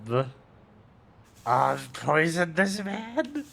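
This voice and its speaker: Laid-back streamer reacting to gameplay, unhurried, joking. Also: mid-range voice, very animated, creaky, fairly bright tone, a little hiss or hum. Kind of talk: casual gameplay commentary.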